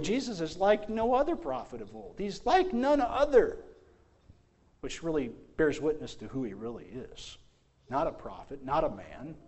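A man preaching a sermon as pastor, asking rhetorical questions and reading scripture slowly, with emphatic swings in loudness. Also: high-pitched.

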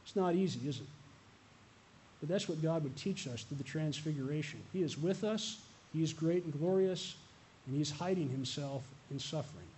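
Male pastor preaching, earnest, keeps repeating a refrain, fairly high voice. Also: moderate pace, darkish tone, slight background noise. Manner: earnest, repeating a refrain, light asides to the congregation. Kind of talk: sermon. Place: church.

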